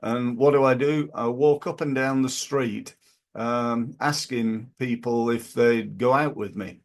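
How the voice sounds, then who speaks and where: A man's voice: mid-range voice, fairly even intonation, a little slow. A man talking casually about marketing as a business coach, rambling and acting out little scenes.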